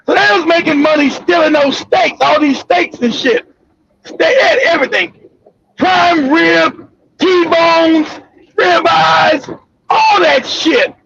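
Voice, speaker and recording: A very high-pitched, gravelly man tells a story at full volume. He shouts, stretches his words and acts out the other people. The sound is muffled and lo-fi, with faint noise behind him. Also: takes it slowly, no room sound. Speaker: co-host telling a story. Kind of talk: loud casual storytelling.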